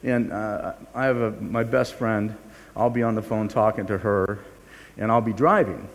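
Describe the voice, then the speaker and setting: A man's voice: lowish voice, steady tone, normal speed, gravelly. An older man preaching a sermon as pastor, earnest and confessional, often restarting his sentences and poking fun at himself. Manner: earnest, confessional, with frequent restarts and self-mocking humor. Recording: long hall reverb.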